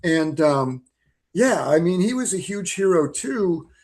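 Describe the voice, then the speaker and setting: Lively man in his sixties telling stories. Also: high-pitched, measured pace. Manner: lively, animated storyteller. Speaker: filmmaker guest. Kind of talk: storytelling interview answers.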